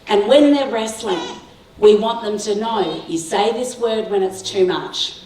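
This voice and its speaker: The recording comes from a distant mic in an echoey school hall with slight background noise, where a middle-aged Sri Lankan woman gives a guest talk to parents. She speaks at medium pitch and an unhurried pace, telling warm stories, laughing a lot, and asking "right?" of her listeners.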